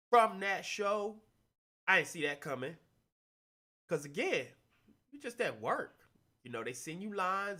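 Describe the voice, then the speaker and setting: A man chatting casually in an interview, telling a story in an animated, slangy way. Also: high voice. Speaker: guest actor.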